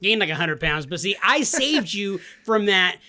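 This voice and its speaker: Young guy ribbing his buddies on a podcast, high bright voice. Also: very animated, a little hiss or hum. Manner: teasing, jokey, quick ribbing. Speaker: podcast co-host. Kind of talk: casual chat.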